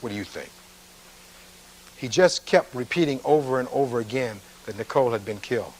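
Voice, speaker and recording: A defense attorney giving a closing argument in a courtroom, reading witness testimony aloud and following it with pointed rhetorical questions. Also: male voice, mid-range voice, animated, fairly quick, a little hiss or hum, low-quality recording.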